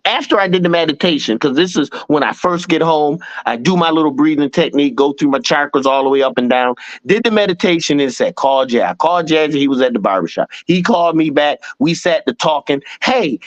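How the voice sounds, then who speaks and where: Guy on a podcast, kinda high voice, bouncy delivery, repeats his meditation lines like a chant. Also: no room sound. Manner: animated, chanting meditation affirmations. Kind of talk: casual spiritual chat.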